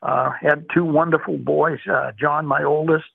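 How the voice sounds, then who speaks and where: A man's voice: a little high, fairly even intonation, moderate pace, creaky, slightly rough, dry recording. An older man from Boston, retired, telling his life story in an interview with lots of fillers and restarts. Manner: rambling, warm storytelling with many fillers. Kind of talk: oral history interview. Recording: tinny phone-like dry sound.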